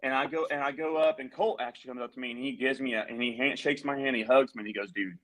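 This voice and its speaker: Man, musician guest, casual storytelling, heated, profane, rambling, mid-pitched voice. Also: fairly even intonation, quick pace, fairly bright tone, low-quality recording. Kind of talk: casual storytelling on a live stream.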